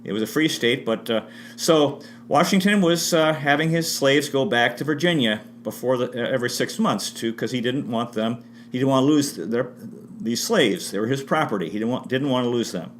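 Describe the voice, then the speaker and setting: A man's voice: mid-range voice, moderate pace. Rambling man retelling history, faint hum. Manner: rambling, frequent restarts and self-corrections. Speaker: history presenter. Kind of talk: unscripted history talk with spiritual asides.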